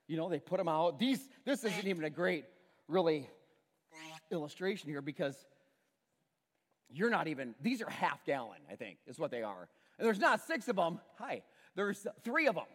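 A man preaching a sermon to a congregation, telling the story with lively acted-out voices and a prop. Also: sits high. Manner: animated storytelling, acts out characters and uses a prop. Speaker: pastor. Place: church sanctuary with audience. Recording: church hall with long reverb.

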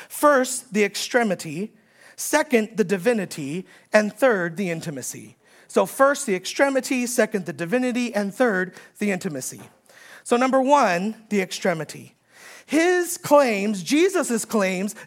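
A woman preaching a sermon, emphatic, repeating key phrases and rising in force when she quotes. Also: medium pitch. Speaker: pastor.

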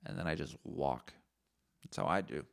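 Man, podcast host, very deep voice, swinging intonation, profane rambling jokes. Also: lively intonation, moderate pace, vocal fry, no echo, studio quality. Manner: rambling, profane, jokey storytelling. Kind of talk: solo comedic podcast monologue.

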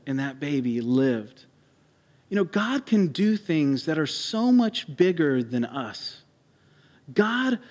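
A pastor giving a sermon, telling a personal story with halting restarts and fillers, then building to emphatic preaching. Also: male voice, sits high. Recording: hall reverb.

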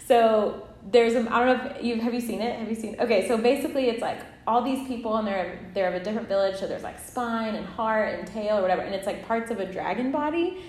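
A woman in her thirties co-hosting a casual faith podcast, chatty and animated, laughing often. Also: fairly high pitch, quick pace, few pauses. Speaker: podcast co-host. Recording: echoey room.

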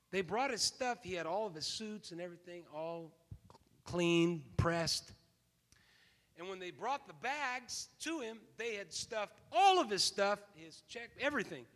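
A man in his fifties preaching a sermon as a pastor, telling a story and then building to loud, emphatic preaching. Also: high-pitched. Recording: long reverb of a large hall.

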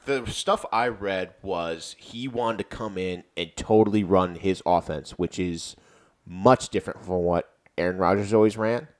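A young man co-hosting a casual sports podcast, talking fast and getting loud and profane when he relives big plays. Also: low voice. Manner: excitable, swears and yells when reliving plays. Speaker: podcast co-host.

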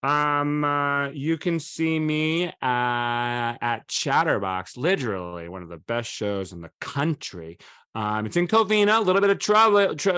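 A man's voice: medium pitch, clean tone, no echo, clean studio sound. Sardonic, profane male podcast co-host. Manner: profane, sardonic, trails off softly. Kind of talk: casual comedic podcast chat.

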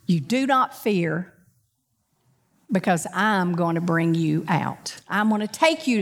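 A woman preaching a sermon. She swings between loud, emphatic preaching and quick conversational asides, often putting questions to the congregation. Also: on the low side, animated.

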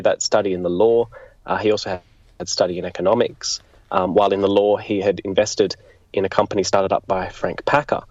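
A low, husky male voice talks through a political life story at an easy conversational pace, pausing and rephrasing as he thinks. The recording is dry and dull, like a modest lo-fi setup. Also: a little mellow, dry recording. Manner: thoughtful, explanatory, with frequent restarts. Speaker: interview guest, political biographer. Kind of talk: conversational history interview. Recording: dull lo-fi sound.

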